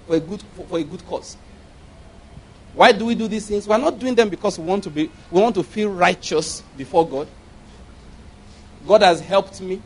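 Male pastor, animated sermon delivery with humorous asides, voice sits a bit high. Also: low-quality recording. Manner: animated, laughing asides, acted-out quotes.

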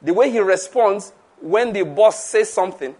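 A man's voice: sits high, lively intonation, moderate pace, darkish tone. A man preaching a conversational sermon, laughing often, repeating himself and asking the audience questions.

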